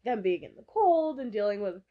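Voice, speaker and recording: A woman's voice: mid-range voice, sing-song, a little fast. A young woman chats casually as a podcast co-host. She laughs often and teases her partner with dry put-downs. The recording sounds dull and lo-fi. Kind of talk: casual chat.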